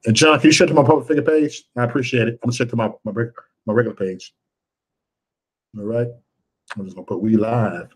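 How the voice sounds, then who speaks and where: A man's voice: mid-range voice, fairly even intonation, quick pace, pauses often, breathy edge. A man hosting a casual livestream, rambling loosely, greeting viewers one by one and cursing freely. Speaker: livestream host.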